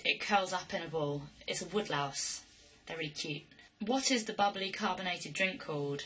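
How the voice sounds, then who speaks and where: A woman's voice: lowish voice, pushed and bright. A young woman, chatting casually to camera and reading a word list with dry, self-mocking humor. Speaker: vlogger. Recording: dull lo-fi webcam audio.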